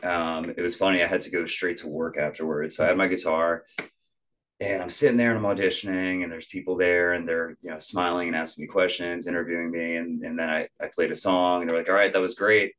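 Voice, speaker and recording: Man, young adult, very deep voice, podcast guest, casual animated storytelling, filler-heavy. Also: brisk. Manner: animated, acts out quotes, many "like" fillers.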